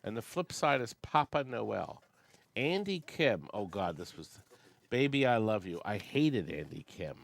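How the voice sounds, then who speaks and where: A man in his sixties chats casually as host of an amusement sales company show, voicing old record labels and humming fragments of songs. His sing-song voice is on the low side, unhurried and creaky.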